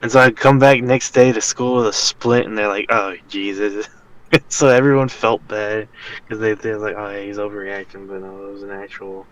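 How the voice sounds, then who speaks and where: A man's voice: lowish voice, fairly even intonation, normal speed, rough recording. A young man co-hosting a podcast, rambling through a casual story with many fillers and restarts. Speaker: podcast co-host. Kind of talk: casual chat.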